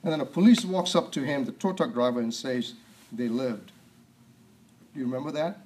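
A man preaching a sermon, reading scripture aloud, asking rhetorical questions and often clearing his throat. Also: fairly high pitch, fast talker, darkish tone, a little hiss or hum.

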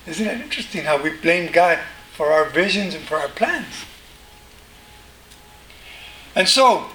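A pastor delivers a sermon to his congregation in a conversational style, putting questions to his listeners as he teaches. His high-pitched voice sounds pushed and bright, and the recording carries the roomy sound of a church hall with faint noise.

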